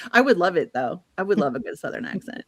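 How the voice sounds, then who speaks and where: A woman's voice: lowish voice, a little mellow, no room sound. Give me a chatty woman from the Midwest hosting a livestream, with a dry close sound. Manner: chatty, laughs often, reads chat aloud. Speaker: host. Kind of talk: casual livestream chat.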